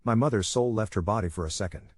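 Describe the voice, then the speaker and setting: A man reads a first-person story aloud in a dry, wry way. His voice sits a little low. The recording is dry and close, with no room sound. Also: fast talker, no echo. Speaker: narrator. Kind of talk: scripted story narration.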